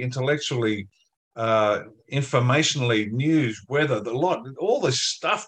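A man with an Australian accent talks in an interview at a mid pitch. He is blunt and emphatic, and he tells colloquial stories. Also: fairly bright tone. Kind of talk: interview discussion.

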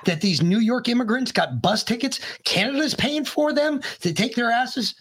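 A man's voice: very high-pitched, lively intonation, moderate pace, fairly bright tone, breathy edge, no echo, studio quality. Brash, joking man on a podcast. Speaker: podcast guest. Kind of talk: casual podcast chat.

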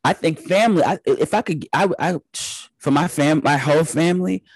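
A young man from the Detroit area chatting as a podcast guest, telling animated stories. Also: a little high, moderate pace, breathy edge, no echo, poor audio. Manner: animated storyteller, acts out family voices. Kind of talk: casual chat.

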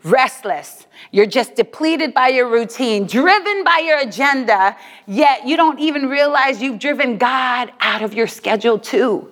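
A woman's voice: high voice, lively intonation, unhurried, fairly bright tone. A woman preaching a sermon, emphatic, with rhythmic repetition and calls to the congregation. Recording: long hall reverb.

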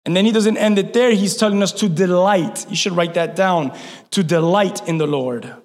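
A male pastor preaching a sermon, fervent, building to shouts and then easing down with self-mocking asides. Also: high-pitched, moderate pace. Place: church hall. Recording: long reverb of a large hall.

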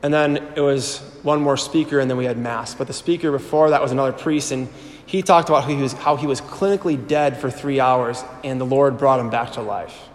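A priest in his thirties telling his personal testimony to a live audience. He tells it with animated storytelling and acts out the voices he quotes. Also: medium pitch, fairly quick. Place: large hall before an audience. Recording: echoey hall with long reverb.

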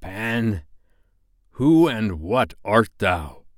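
A man doing Captain Hook, slow and grave. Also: deep voice, lively intonation, fairly bright tone, no room sound, clean studio sound, exaggerated voice. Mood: shaken. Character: menacing pirate captain, dark and brooding.

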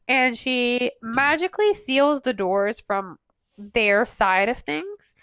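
A young woman co-hosting a podcast, recapping a story in chatty, sarcastic casual talk, her voice going hoarse. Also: fairly high pitch, lively intonation, slow, a bit bright, no room sound. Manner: chatty, sarcastic, lots of fillers. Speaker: podcast co-host.

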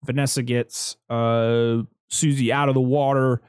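A man hosting a casual movie review chat, recapping scenes and acting out characters in high voices. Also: little pitch movement, measured pace, a little mellow, clean tone, no room sound, clean studio sound.

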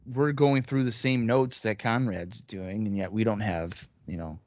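A man's voice: fairly low pitch, fairly even intonation, unhurried, no echo. A man co-hosting a casual wrestling podcast, talking bluntly with plenty of swearing and teasing. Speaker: podcast co-host. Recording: dull, dry lo-fi recording.

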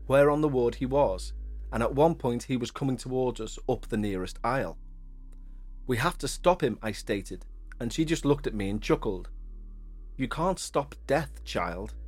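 A male podcast host who reads a listener's ghost story at a steady, even pace and then bursts into excitable, gushing reactions. His chat is casual and full of exclamations. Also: mid-range voice, husky. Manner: excitable, gushing exclamations between calm reading.

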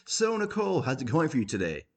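A man voicing a falsely cheerful male doctor who talks in a bright, sing-song way. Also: mid-range voice, lively intonation, a little fast, lightly acted. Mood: chirpy.

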